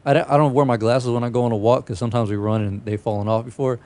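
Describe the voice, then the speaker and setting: A man's voice: mid-range voice, steady tone, racing, a little mellow. A young man hosting a podcast, telling stories in a casual, profane way and often breaking into laughter. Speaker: podcast host. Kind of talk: casual chat.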